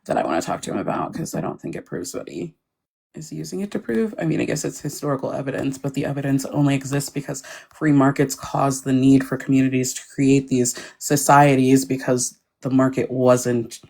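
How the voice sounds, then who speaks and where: A woman's voice: extremely low pitch, a little fast, gravelly, a little mellow. A woman panelist in a casual chat, blunt and slangy, often breaking into laughs.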